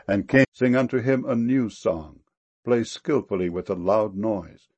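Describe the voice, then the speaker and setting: A man reading Bible verses aloud in a solemn, measured way. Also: on the low side, darkish tone, slightly rough, lo-fi sound. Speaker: scripture reader.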